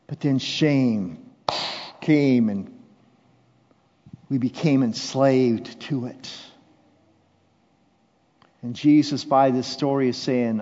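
A man preaching a sermon as pastor, shifting from hushed, intimate lines to loud, impassioned declarations. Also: mid-range voice, takes it slowly, long pauses. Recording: dull sound with long hall reverb.

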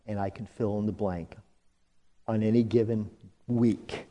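A male pastor preaching a sermon, slow and dramatic, jumping to high emphatic bursts and dropping to hushed asides, leading the congregation in call-and-response. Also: fairly even intonation. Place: church sanctuary. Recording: long reverb of a church hall.

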